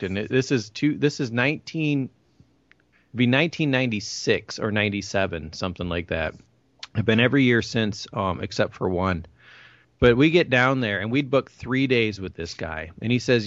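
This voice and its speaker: A man hosting a casual online chat, telling rambling, animated anecdotes with frequent restarts. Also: fairly low pitch, normal speed, no room sound. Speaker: podcast host. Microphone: call over the internet. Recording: muffled lo-fi online call.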